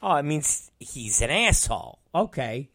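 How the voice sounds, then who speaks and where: A man's voice: a little high, very animated, measured pace, bright, forceful tone, no room sound, clean studio sound. A middle-aged man hosting a podcast, telling an exasperated story in a profane, casual rant. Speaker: podcast host and wrestling promoter.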